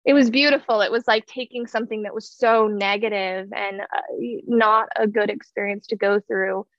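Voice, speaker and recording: A woman's voice: mid-range voice, steady tone, moderate pace, a bit bright, no room sound, muffled recording. A woman in her thirties telling a heartfelt personal story in an earnest way, with many fillers and restarts. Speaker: guest sharing her story.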